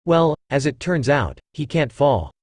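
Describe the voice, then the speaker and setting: A teasing, purring female cat-demon from a storybook reading, lively in her lilt as a man reads her lines. She speaks in a dry, close sound. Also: on the high side, unhurried, no echo, full character voice. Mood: playful.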